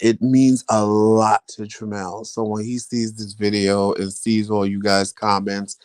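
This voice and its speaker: A man's voice: on the low side, no echo. A man chatting casually to his viewers, telling a story and acting out the voices of the people he quotes. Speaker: vlogger.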